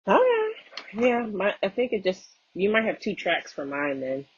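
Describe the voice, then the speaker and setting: Co-host, raspy and gravelly, very lively pitch, dry dull audio. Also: moderate pace, no room sound. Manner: short reactive interjections. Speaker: podcast co-host. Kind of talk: casual chat.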